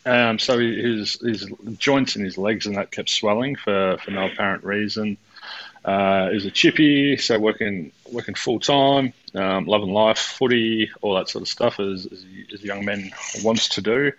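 A rambling, easygoing man co-hosts a podcast. His voice is low and bright, and the audio sounds a little dull and lo-fi. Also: moderate pace, no echo. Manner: rambling, with many fillers and restarts. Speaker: podcast co-host, coach. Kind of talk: casual podcast chat.

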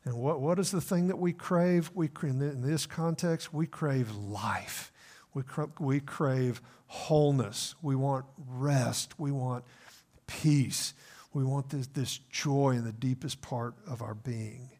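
A male pastor preaching an earnest sermon, slowing for emphasis and sometimes repeating words as he goes. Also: medium pitch, darkish tone.

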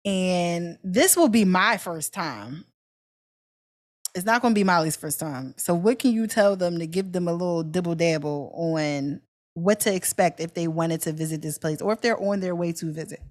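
A woman's voice: lowish voice, moderate pace. A woman from co-hosting a podcast in casual chat, playful and slangy. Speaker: podcast co-host.

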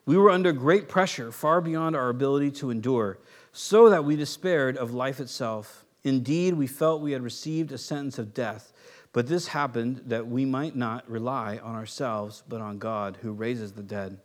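A man's voice: mid-range voice, normal speed. A man preaching a conversational sermon as a pastor, acting out quoted voices as he goes.

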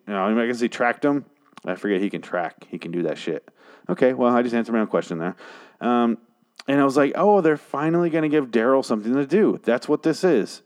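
A man's voice: lowish voice, a little mellow. Sarcastic, profane man ranting. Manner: mimics characters in brief jokey voices. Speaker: podcast host reviewing a TV episode. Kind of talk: casual recap monologue.

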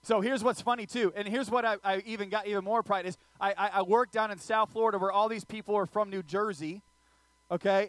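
A man preaching a sermon, telling funny stories and joking with the audience in an animated way. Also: high-pitched, a little fast, no room sound. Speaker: pastor. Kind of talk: sermon with humorous storytelling.

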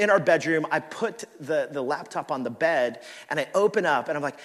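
A male pastor preaching a sermon, telling stories in an animated, self-deprecating way and laughing often. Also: on the high side, normal speed, hardly any pauses. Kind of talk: sermon with personal storytelling. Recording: reverberant hall.

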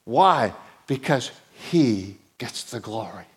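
A middle-aged male preacher giving a sermon, his voice climbing higher and louder as he gets excited. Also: takes it slowly, breathy edge. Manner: voice climbs high and loud when excited.

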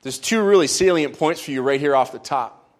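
A man's voice: fairly high pitch, expressive, a little fast. A man preaching a sermon, retelling a story in a conversational way with playful asides.

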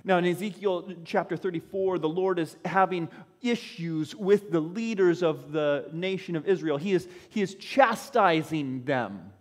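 Slow, high-voiced preacher in a hall. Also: male voice, expressive. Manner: dramatic, acts out the voices of Bible figures. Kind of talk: sermon. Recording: long echo of a large hall.

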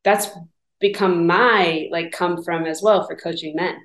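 A woman's voice: fairly low pitch, steady tone, fairly bright tone, reverberant. A woman hosting a podcast interview, curious and affirming, asking questions in a casual, chatty way. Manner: curious and affirming, quick back-channel responses. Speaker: podcast host.

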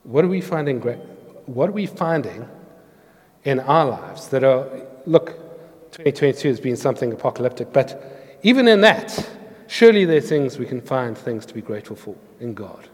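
A man's voice: mid-range voice, very animated, moderate pace. Preaching man in a reverberant hall. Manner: earnest, storytelling, explains scripture words. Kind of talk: sermon with scripture reading.

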